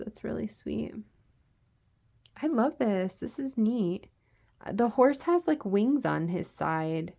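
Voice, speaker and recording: Woman host reading tarot cards for viewers, gentle and soft-spoken, talks in loose, rambling sentences full of fillers. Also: mid-range voice. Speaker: tarot reader.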